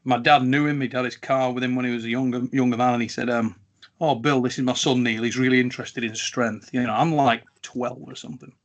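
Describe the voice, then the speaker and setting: Chatty host. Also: male voice, mid-range voice, fairly even intonation, fast. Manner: chatty storyteller with fillers. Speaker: interviewer, host. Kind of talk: casual chat.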